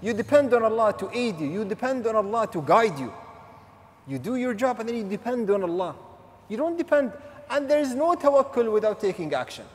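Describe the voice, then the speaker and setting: A male preacher giving a lecture on the Quran in a mosque, animated, mixing Arabic phrases and recitation into his English. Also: high voice, brisk. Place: large mosque hall. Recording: long hall reverb.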